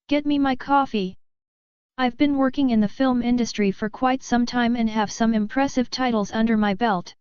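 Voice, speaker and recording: A woman reading online stories aloud as the show's narrator, in an even, steady read-aloud delivery. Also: a little high, smooth, no room sound, dull audio. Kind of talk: scripted story narration.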